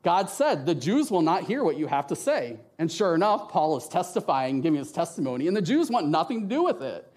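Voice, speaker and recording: Slightly high and a little fast, the man's voice barely pauses as he preaches in a church with slides on screen. Holding a handheld mic, he keeps things lively and conversational, tacking "right?" onto sentences and acting out voices in his quotes.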